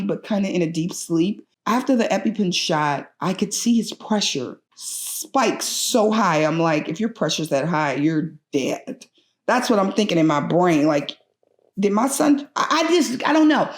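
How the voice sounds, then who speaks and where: A middle-aged woman, a patient's mother, recounts a personal story in an anxious, animated way and acts out other people's lines. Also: mid-range voice. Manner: anxious and urgent, frequent restarts.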